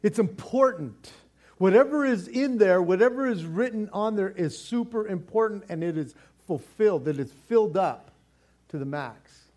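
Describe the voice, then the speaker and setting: Animated preaching man, fairly high voice. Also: normal speed. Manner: animated, casual slang, repeats words when stressing. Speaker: pastor. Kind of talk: sermon.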